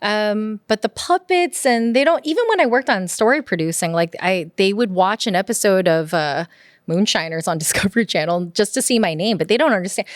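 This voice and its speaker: A woman, a puppeteer and podcast guest from the United States, tells family stories in a casual, animated way, laughing often and using lots of "like". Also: medium pitch, a little fast, no room sound, clean studio sound. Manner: animated, laughs often, mimics her parents' voices; heavy use of "like" as filler. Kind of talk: casual conversational storytelling.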